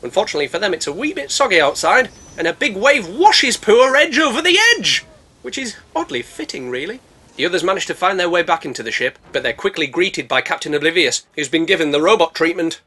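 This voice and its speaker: A man's voice: high-pitched, very animated, brisk, pushed and bright, breathy edge. A man narrating a comedic movie recap in a sarcastic, jokey, slangy way. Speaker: movie reviewer.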